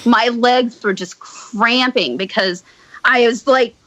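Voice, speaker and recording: A woman with a bright, higher-pitched voice recounts a story in casual conversation. She is blunt and swears freely, building the tale with animated energy. The sound is close and dry. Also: slow, dry recording, low-quality recording. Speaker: podcast guest.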